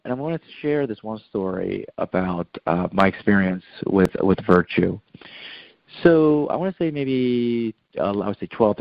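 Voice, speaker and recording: A man's voice: low-pitched, no room sound. A man sharing a personal faith testimony as a radio guest, rambling with many fillers and restarts. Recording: muffled radio studio audio.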